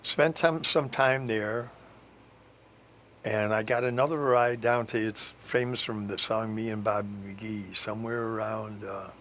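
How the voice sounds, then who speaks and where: Rambling, bright-voiced male storyteller. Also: fairly low pitch, steady tone, a little slow, a little hiss or hum. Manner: meandering, hesitant, frequent fillers and restarts. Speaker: radio guest telling a life story.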